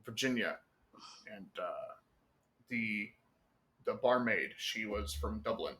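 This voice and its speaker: A man's voice: fairly low pitch, lively intonation, slow pace, pushed and bright. A man, a guest on a talk show, telling stories in casual chat with lots of fillers and swearing. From United States.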